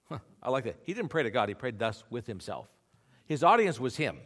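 Male pastor, middle pitch, lively delivery; earnest, plain-spoken sermon style. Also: fairly quick. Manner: earnest conversational preaching, checks in with "okay?".

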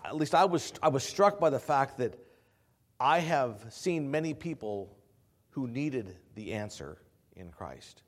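A man preaching a sermon to his congregation. He shifts between quiet, low passages and loud, emphatic preaching, and often repeats words and restarts phrases.

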